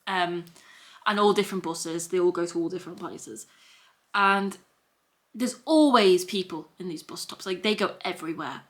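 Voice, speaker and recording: A young vlogger with a Scouse accent chats from home in a hoodie, her fairly low, fairly bright voice moving at a moderate pace. She tells her story in a rambling, repetitive way with plenty of restarts.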